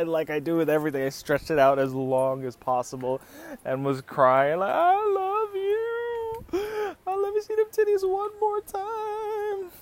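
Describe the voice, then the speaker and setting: Crude joking man telling stories. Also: mid-range voice. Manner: crude, joking, swears a lot, laughs. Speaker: podcast host. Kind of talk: casual storytelling. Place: living in the Philippines.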